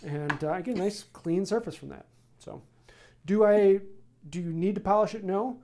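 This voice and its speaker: A man hosting a live woodworking stream, answering viewer questions in a casual, rambling way with many pauses. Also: high-pitched, a little hiss or hum. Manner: relaxed, rambling explanations with many ums. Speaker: woodworking channel host.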